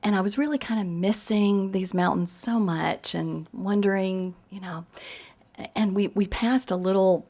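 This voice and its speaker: A woman from East Tennessee, a novelist at a reading, tells funny stories at her own expense in a warm, mid-range voice that moves a little slowly. Her Southern American speech is chatty and full of fillers and laughter as she pokes fun at herself.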